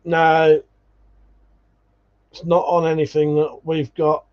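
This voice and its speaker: A man's voice: a little high, completely flat delivery, slow pace, muffled recording. A man hosting a livestream, chatting casually and reading out viewer comments, swearing freely and calling people mate. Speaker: livestream host.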